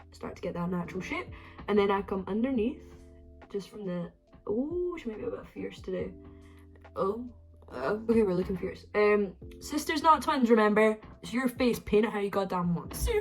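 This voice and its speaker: A young woman chats her way through a makeup tutorial, scattered and self-deprecating, stumbling over restarts. Her voice sits at an ordinary pitch for a woman, sometimes sinking into a breathy whisper while she works. Soft music plays faintly behind her. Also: poor audio. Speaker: beauty vlogger.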